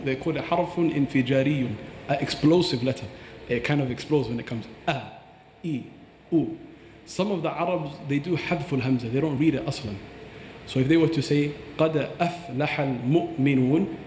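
A man's voice: medium pitch, a little fast, darkish tone, echoey room, long reverb tail, a little hiss or hum. A man teaching about Quran recitation on a podcast, earnest and explanatory, demonstrating pronunciations aloud.

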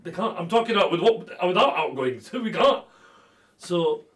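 A man making a charity appeal on TV. He swings between loud, pressing urging and hushed, intimate storytelling. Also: high-pitched, sing-song, moderate pace. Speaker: charity fundraiser. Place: TV studio.

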